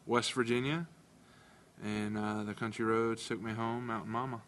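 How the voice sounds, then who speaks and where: A man co-hosting a casual podcast chat, dry and hesitant, pausing with many fillers. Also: on the low side, little pitch movement, a bit bright, slight background noise. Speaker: podcast co-host.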